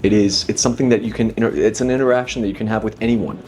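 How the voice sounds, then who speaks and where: A man's voice: on the low side, fairly even intonation, very fast, darkish tone. A man in his thirties, a magician, talking reflectively as an interview guest, with frequent restarts. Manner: thoughtful, many restarts, leans on 'inevitably'. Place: dinner table.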